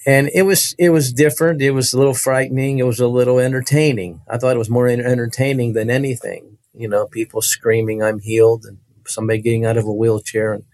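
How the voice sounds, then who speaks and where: A man's voice: medium pitch, no echo. Male guest storyteller, emphatic, repeats himself, dry close sound. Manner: animated, emphatic, repeats phrases. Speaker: interview guest. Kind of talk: personal storytelling.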